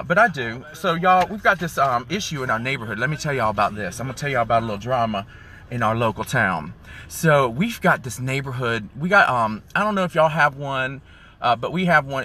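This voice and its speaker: With a sharp tone and medium pitch, a man vlogs live from his car in the rain, chatting sassily to viewers on his phone stream. He keeps calling them y'all and honey.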